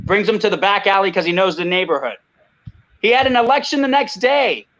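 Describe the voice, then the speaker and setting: Impassioned man, high bright voice, muffled lo-fi call audio, speaks with heat and emphasis. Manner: heated, emphatic, repeats "I mean" and "you know". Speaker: guest. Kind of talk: impassioned video call talk. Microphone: video call.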